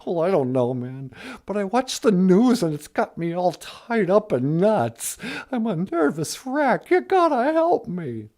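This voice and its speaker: A man's voice: high voice, very animated, a little slow, darkish tone, voice pushed down. A man voicing a nervous, whiny male lion on a puppet comedy podcast, stammering in a panic. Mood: panicky.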